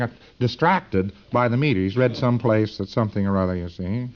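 A man's voice: medium pitch, expressive, fairly quick, darkish tone, dull audio. A man giving a lecture to students in a folksy, emphatic, digressive way.

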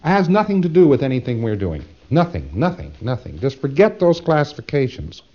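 A man's voice: medium pitch, sing-song, a little fast, mellow. A man giving an informal lecture to a class, rambling and repeating words as he drives a point home. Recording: dull lo-fi tape recording.

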